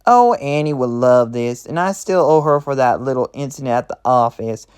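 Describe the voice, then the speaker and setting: A man's voice: mid-range voice, animated, normal speed, clean tone, lightly acted. A man voicing a sinister, vengeful young female imp with a menacing, taunting manner.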